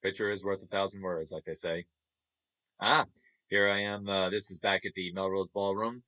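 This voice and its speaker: A man's voice: low voice, little pitch movement, normal speed, bright, forceful tone. Chuckling New man. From New York. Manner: chatty, chuckles often, upbeat. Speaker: streamer. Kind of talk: casual chat over photos.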